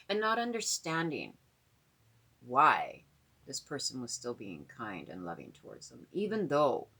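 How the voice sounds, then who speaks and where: A woman's voice: very deep voice, fairly bright tone, slightly rough. A middle-aged woman talking casually to her viewers, rambling and earnest, with lots of fillers and repeated words. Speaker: vlogger. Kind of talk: casual talk to camera.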